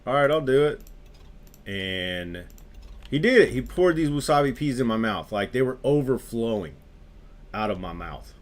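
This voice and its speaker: A man's voice: on the low side, animated, moderate pace. A young adult man on a gaming stream, casually telling a story while he plays, laughing often and talking in loose slang.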